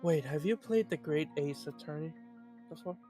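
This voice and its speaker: A guest in casual chat, excitable and joking. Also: medium pitch, moderate pace, soft background music.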